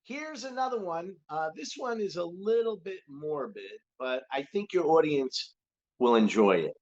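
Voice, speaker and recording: A man's voice: fairly high pitch, big pitch swings, measured pace, a little mellow, highs cut off. A male comedian telling a joke, acting out the characters' dialogue. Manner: acts out the dialogue in a story.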